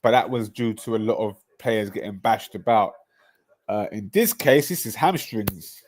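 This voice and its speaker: A man's voice: lowish voice, moderate pace. Boastful slangy man. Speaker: football podcast panelist. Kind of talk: casual banter about football.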